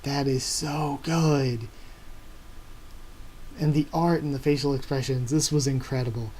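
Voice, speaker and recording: A man hosting a casual live reaction, reading a comic chapter aloud and gushing with excitement. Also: mid-range voice, measured pace. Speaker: YouTube reaction host.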